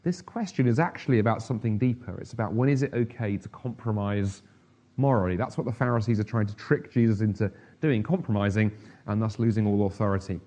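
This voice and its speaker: A man's voice: fairly low pitch, quick pace, warm tone, muffled recording. A middle-aged man preaching a sermon in a conversational, humorous way, full of asides.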